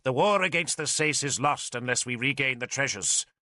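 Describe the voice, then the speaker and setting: A man's voice: medium pitch, animated, moderate pace, sharp tone, dry recording, clean studio sound, pitched above the performer's own voice. A man voicing an old male druid in an audiobook, imperious and sarcastic, with a stern, snapping delivery. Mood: scornful. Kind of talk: audiobook character voice.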